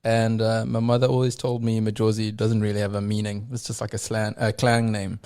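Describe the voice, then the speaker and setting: A young man, a musician guest telling relaxed anecdotes and laughing often in casual chat. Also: fairly low pitch, brisk, clear, resonant tone. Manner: laid-back, laughs often, tells anecdotes.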